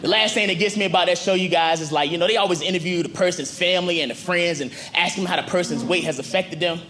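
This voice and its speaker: A high-voiced man delivers a quick-paced stand-up set at a comedy club, holding the mic and chatting animatedly in slangy, conversational style. Audience noise from the live club fills the background.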